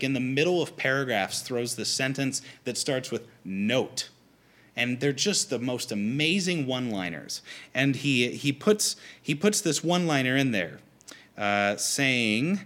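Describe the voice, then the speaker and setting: A man preaching a conversational sermon to a congregation, animated and acting out quoted lines. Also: medium pitch, moderate pace. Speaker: pastor.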